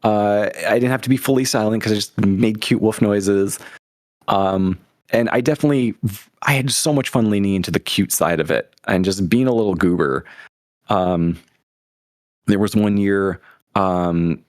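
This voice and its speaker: A man's voice: fairly low pitch, normal speed, no echo, studio quality. A young adult man telling stories as a podcast guest, enthusiastic and rambling, with many restarts. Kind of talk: casual interview storytelling.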